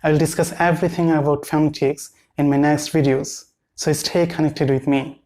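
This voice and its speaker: A man teaching pronunciation, speaking deliberately and repeating each word for the viewer to copy. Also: a little high, flat delivery, mellow. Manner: slow, deliberate, repeats words for drilling. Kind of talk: pronunciation lesson.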